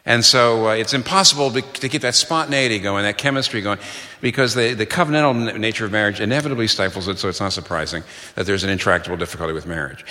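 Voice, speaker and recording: A man's voice: fairly low pitch, quick pace, sharp tone. A middle-aged man preaching a sermon in an earnest, emphatic way, quoting sources and repeating key phrases for stress. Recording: long hall reverb.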